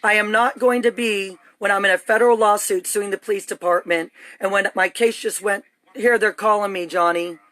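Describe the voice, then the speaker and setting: A woman livestreams on her phone from inside her home, speaking urgently, agitated and rambling. Her mid-range voice is fairly bright, with fairly even intonation at normal speed, and there's no room sound.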